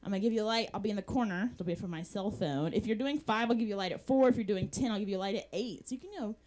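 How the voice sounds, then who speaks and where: A woman hosting a comedy open mic, telling a quick story and laughing between lines. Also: medium pitch, darkish tone. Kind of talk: stand-up and hosting.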